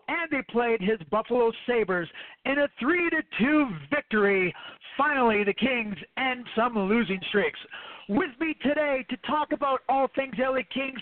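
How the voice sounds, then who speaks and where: A man with a strikingly high voice hosts a casual sports talk show, bantering in a hyped, playful announcer style. The sound is dry and squeezed into a thin, phone-like band. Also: no echo. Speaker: host.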